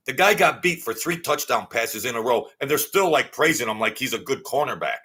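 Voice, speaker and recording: Man ranting bluntly, bright tense voice. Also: mid-range voice, normal speed, husky. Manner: blunt, heated, repetitive. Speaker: online commentator. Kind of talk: ranting monologue.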